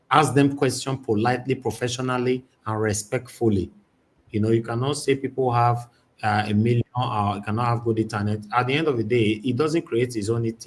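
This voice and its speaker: A man hosting a live talk show, courteous with guests and stern with rude commenters. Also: mid-range voice. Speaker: host.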